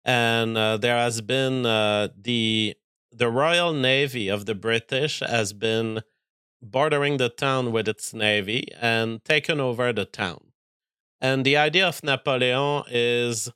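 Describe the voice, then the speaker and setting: Bright-voiced man ranting about a film. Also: mid-range voice, slow, smooth, no room sound, clean studio sound. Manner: exasperated, ranting, frequent restarts. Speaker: film reviewer. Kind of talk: casual spoken film critique.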